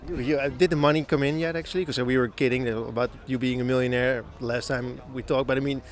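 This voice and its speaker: A man's voice: medium pitch, fairly even intonation, quick pace. A man interviewing a musician outdoors at a festival, joking and teasing. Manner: jokey, teasing. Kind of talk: casual interview.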